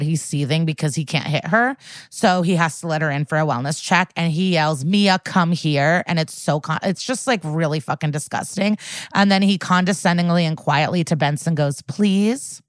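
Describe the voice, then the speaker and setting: A woman's voice: deep voice, no room sound. Chatty woman podcast host, dry sound. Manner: chatty, swears often, peppers speech with "like". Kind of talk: casual recap chat.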